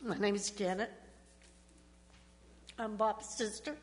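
A middle-aged woman from Texas, giving a halting, emotional eulogy in a church, pausing on ums and restarts as she fights back tears. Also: mid-range voice, steady tone. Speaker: family member giving a eulogy. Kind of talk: memorial speech. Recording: echoey church hall.

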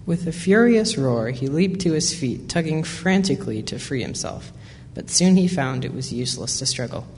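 A man reading a children's animal story aloud, measured, with small slips he corrects. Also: mid-range voice, sing-song. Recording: long hall reverb, faint hiss.

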